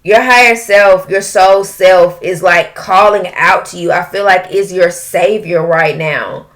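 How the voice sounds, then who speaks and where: A woman giving an emotional tarot reading, breaking into drawn-out exclamations. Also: fairly low pitch. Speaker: tarot reader.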